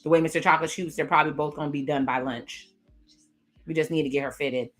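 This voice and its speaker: A woman with a somewhat low voice talks through a TV episode in a casual, chatty recap. She is expressive and reads the characters' lines aloud as she goes. Faint music sits behind her. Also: quick pace. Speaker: reaction video host.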